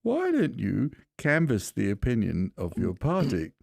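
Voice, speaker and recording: Lively-pitched man telling stories. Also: unhurried, vocal fry, no echo. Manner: storytelling with acted quotes, laughing. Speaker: podcast guest. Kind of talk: casual chat.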